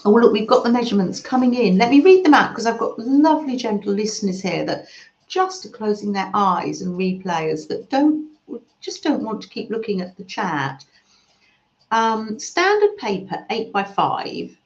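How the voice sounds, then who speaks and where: A soft-spoken woman hosting a gentle craft live stream, reading out chat messages and murmuring as she works at home. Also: medium pitch, expressive, normal speed. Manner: soft-spoken, murmurs "mm" often, trails off mid-sentence. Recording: roomy, slightly dull home recording.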